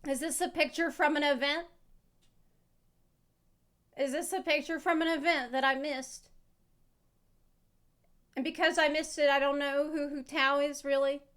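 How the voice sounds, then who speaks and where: High-pitched woman streamer, rambly, swears a lot while reacting. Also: fairly even intonation, measured pace, long pauses, a bit bright. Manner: rambling, swearing, self-mocking. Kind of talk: casual reaction chat.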